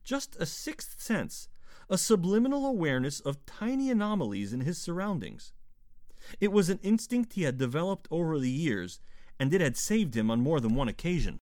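A man narrating a historical adventure novel in a measured storytelling voice, lightly voicing the characters' dialogue. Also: fairly high pitch, sing-song, a little mellow, no echo, clean studio sound. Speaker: audiobook narrator. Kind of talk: scripted narration.

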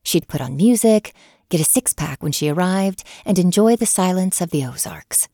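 A woman narrating a story in a measured, even manner, recorded close on a studio mic. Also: lowish voice, breathy edge, dry recording. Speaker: audiobook narrator. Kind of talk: scripted narration.

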